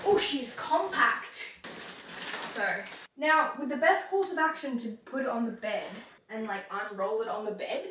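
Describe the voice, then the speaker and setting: A woman's voice: fairly high pitch, background noise. Bubbly Australian woman in an echoey room. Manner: bubbly, exclaiming, chatty. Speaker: vlogger. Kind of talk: casual vlog chat. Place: room at home.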